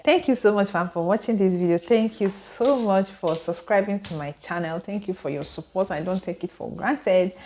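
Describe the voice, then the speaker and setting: A young Nigerian woman with a Nigerian accent telling a personal story to camera, animated and full of rhetorical questions, indoors at home. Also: fairly low pitch, a little hiss or hum. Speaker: vlogger. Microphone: camera mic with ring light.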